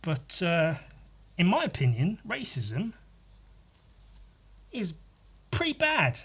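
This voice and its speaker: Husky-voiced rambling man. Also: high voice, wildly swooping pitch, slow pace, long pauses, fairly bright tone. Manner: rambling, self-deprecating, swears casually. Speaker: podcast host. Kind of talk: casual solo monologue.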